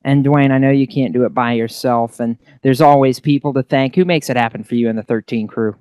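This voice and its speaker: A man's voice: medium pitch, fairly even intonation, fairly quick, darkish tone, smooth, no echo. A man doing victory lane interviews on an online racing broadcast, upbeat and chatty, asking long questions.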